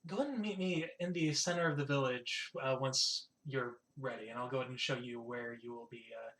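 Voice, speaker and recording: A man voicing a no-nonsense short-haired woman escort, blunt and brisk. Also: mid-range voice, a bit bright, natural voice. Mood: brusque.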